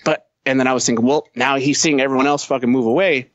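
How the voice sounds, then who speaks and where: A man's voice: mid-range voice, fairly even intonation, fast talker, no echo, lo-fi sound. A man who is a Marine veteran, telling a war story as a podcast guest, blunt and heavy on profanity. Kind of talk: casual storytelling.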